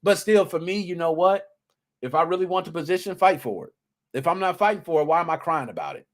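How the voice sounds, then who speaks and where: A man in his thirties holds forth on his podcast, his voice sitting a little higher than most men's. He talks in loose, slangy bursts and jumps into little acted-out voices whenever he quotes someone. It sounds like an unscripted solo chat with listeners. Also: fast. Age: 30s. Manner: animated storytelling, slangy, acts out quotes. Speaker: podcast host. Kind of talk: casual solo podcast talk.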